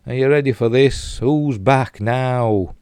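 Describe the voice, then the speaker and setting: A man's voice: mid-range voice, takes it slowly, darkish tone, clean tone, no room sound. An older man with a Yorkshire accent casually reviewing a TV episode, rambling with fillers and self-mocking asides while he replays clips. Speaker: TV show reviewer.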